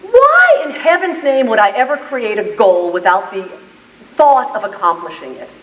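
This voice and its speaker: Her fairly high voice swings widely in pitch at a normal speed as she dramatizes scenes in an inspirational speech. She's a business owner, picked up from afar in an echoey hall, so the audio sounds dull.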